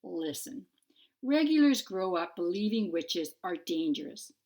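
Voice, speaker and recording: A woman's voice: lowish voice, sing-song, darkish tone, full character voice. Woman voicing a sarcastic cat familiar. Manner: dry, sarcastic, slow. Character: sardonic female cat familiar. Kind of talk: audiobook character voice.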